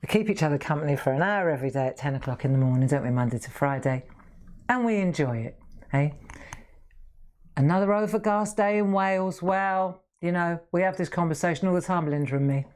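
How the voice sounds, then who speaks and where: Woman, middle-aged, craft show host, chatty, laughs often, slightly low pitch. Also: fairly quick, a little mellow. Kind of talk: casual chat while crafting live.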